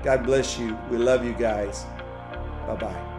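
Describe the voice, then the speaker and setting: A man preaching a sermon for a podcast in a reflective, halting way, often repeating words as he searches for the next thought. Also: mid-range voice, steady tone, roomy sound, music in the background. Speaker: pastor.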